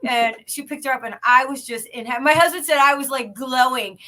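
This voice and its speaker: A woman in her fifties in casual podcast chat, rambling warmly with frequent restarts. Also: sits high, brisk. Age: 50s. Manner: chatty and rambling with many restarts.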